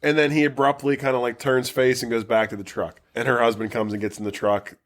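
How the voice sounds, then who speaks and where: Male podcast co-host, mid pitch; chatty, animated film recap with plenty of swearing. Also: fast talker. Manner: animated, profane, laughs a lot, acts out characters. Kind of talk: casual movie-review chat.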